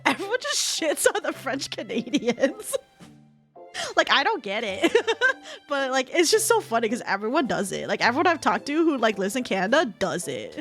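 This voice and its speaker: A woman's voice: high-pitched, a bit bright. A young adult woman streaming, chatting casually with viewers, rambling, laughing often and swearing casually. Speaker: VTuber streamer. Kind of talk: casual chat with viewers while reading chat.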